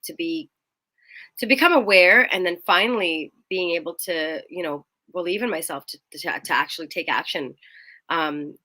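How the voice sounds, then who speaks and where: A woman's voice: on the low side, moderate pace, sharp tone, no room sound. A woman co-hosting a casual chat show, giggly and rambling, often correcting herself, recorded in a room at home. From England. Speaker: co-host.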